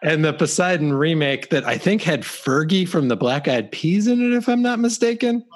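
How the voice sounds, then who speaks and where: A man's voice: on the high side, expressive, moderate pace. A man from Canada co-hosting a podcast in casual chat, joking and rambling with lots of fillers. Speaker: podcast co-host.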